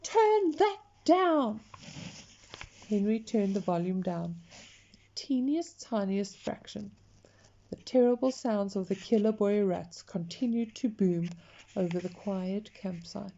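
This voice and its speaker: A woman reads a picture book aloud, slowly and expressively, talking straight to the listener. Her voice is mellow and unhurried, and the recording sounds dull and lo-fi. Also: mid-range voice, gravelly. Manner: slow, expressive, talks to the listener. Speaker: storyteller.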